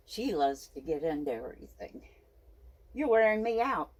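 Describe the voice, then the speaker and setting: A woman's voice: low-pitched, sing-song, normal speed, darkish tone. A woman talking to her pet snake in a casual vlog, cooing baby talk, a little stuffy from her sinuses. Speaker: snake keeper.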